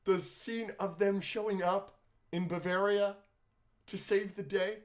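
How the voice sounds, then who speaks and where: A man co-hosting a podcast, chatting excitedly about a film, gushing and swearing freely. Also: high voice, a little slow. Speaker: podcast co-host. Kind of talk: casual film review chat.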